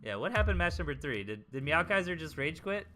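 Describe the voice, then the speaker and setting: A man's voice: a little high, sing-song, a little fast, noisy background. A young man with a Southern US accent, casting game replays in a rambling, chatty live-stream commentary full of fillers. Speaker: game caster.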